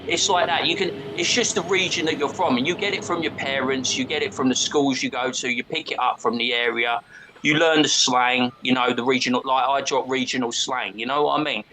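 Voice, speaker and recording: A man's voice: medium pitch, steady tone, fairly quick, background noise. A man from England, chatting bluntly and swearing freely. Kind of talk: casual chat.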